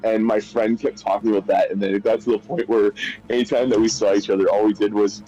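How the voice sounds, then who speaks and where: Low-voiced guy rambling on mid game, keeps repeating himself, faint music under it. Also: flat delivery, fast talker, mellow, muffled recording. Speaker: streamer chatting while gaming. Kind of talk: casual gaming chat.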